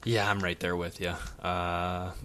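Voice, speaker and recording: Low-voiced laid-back man. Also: flat delivery, fairly bright tone, slight background noise. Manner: laid-back, measured, trails off with fillers. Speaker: podcast co-host. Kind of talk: casual sports betting chat.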